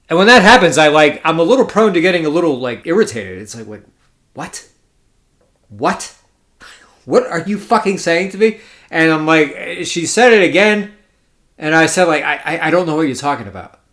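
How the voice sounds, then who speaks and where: A man's voice: medium pitch, a bit bright. A young adult man hosting a casual solo podcast, telling a story in a sardonic, profane, rambling way and correcting himself as he goes. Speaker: poker podcast host.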